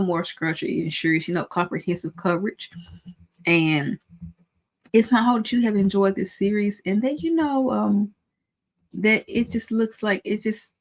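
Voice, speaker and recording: A young adult woman with a Southern country accent, coaching pharmacy students in a fast, excitable, chatty way. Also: mid-range voice, vocal fry. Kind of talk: casual teaching talk to camera.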